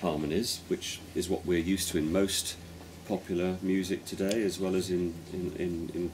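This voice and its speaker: A man with a low voice talks through musical ideas in a relaxed chat, choosing his words thoughtfully and building each point step by step. He speaks as a folk pipe player with his bandmate. A faint hiss sits under the recording. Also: normal speed. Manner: thoughtful, explanatory, talks in careful steps. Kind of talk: casual conversation about music.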